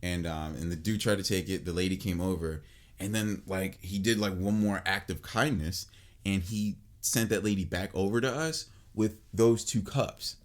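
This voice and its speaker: A man in his late twenties hosting a podcast, telling a long story in a casual, animated way, full of swearing and "like". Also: sits low, normal speed. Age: late 20s. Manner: animated and profane, filled with "like" and restarts. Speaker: podcast host.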